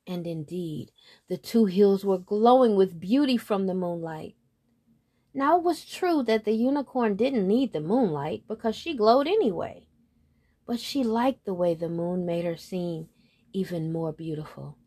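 A woman reading a storybook aloud in a gentle, soothing storyteller manner. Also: mid-range voice, lively intonation, a little slow.

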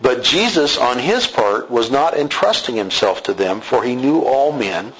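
A man's voice: mid-range voice, animated, a little slow, a bit bright, highs cut off, slight background noise. A man teaching through a Bible passage verse by verse, in a conversational way, with asides and self-corrections.

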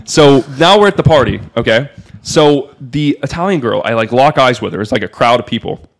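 Brief: young male podcast guest, loose storyteller, lots of "like", swears freely, mid-pitched. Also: a little fast. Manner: loose and animated, heavy on "like" fillers and swearing. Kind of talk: casual storytelling.

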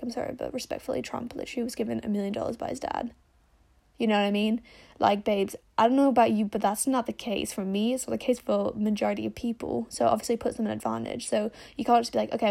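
A woman's voice: fairly high pitch, vocal fry, dark tone. A young woman hosting a podcast, chatting in a frank, rambling way. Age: young adult. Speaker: podcast host. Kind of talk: casual chat.

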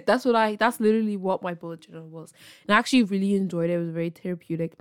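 A young woman talks through her own podcast in a loose, chatty way. She is self-deprecating and encouraging, and she laughs easily. Her voice sits at a middle pitch and is recorded close and dry, with no room sound. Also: fast talker, darkish tone, clean tone, no echo. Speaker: podcast host. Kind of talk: casual solo podcast chat.

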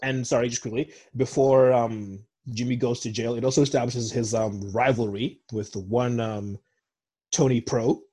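A man's voice: mid-range voice, steady tone, normal speed, a little mellow, husky. A young man from Zimbabwe with an American accent, co-hosting a podcast in casual, rambling chat and often correcting himself. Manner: rambling, digressive, self-correcting. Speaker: podcast co-host.

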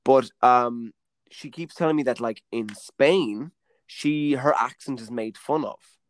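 A man's voice: mid-range voice, slow pace. A young man co-hosting a podcast, joking and teasing, often slipping into mock voices. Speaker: podcast co-host. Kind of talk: casual chat.

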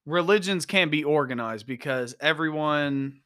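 A man's voice: fairly high pitch, normal speed, a bit bright, clear, resonant tone, no room sound, clean studio sound. A young man co-hosting a casual podcast, talking loosely with swearing and lots of "like" and "whatnot". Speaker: podcast co-host.

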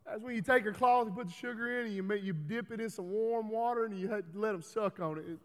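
A man preaching a folksy sermon in a church, building to loud, emphatic calls. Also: sits high, fast. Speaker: pastor. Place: church hall. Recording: reverberant church hall.

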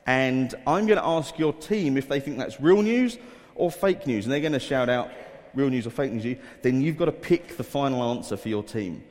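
A man's voice: mid-range voice, lively intonation, normal speed, a little mellow. A man leading a quiz for children in a school hall, coaxing volunteers and reading headlines aloud in an upbeat way. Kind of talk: addressing a room of children. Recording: echoey hall reverb.

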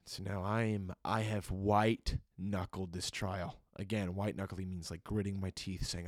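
A young man with a low voice hosts a solo podcast, sharing a personal testimony at a normal speed with fairly even intonation and few pauses. He's earnest and emotional, uses many fillers, and jokes before turning reflective. The recording is dry and studio quality.

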